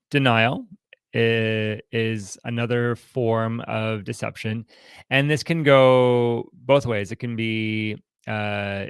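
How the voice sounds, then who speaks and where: Gravelly low-voiced man teaching haltingly. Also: no echo, studio quality. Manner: halting, with frequent restarts and repeated words. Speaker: counselor leading a group. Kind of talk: informal teaching talk with role-played examples.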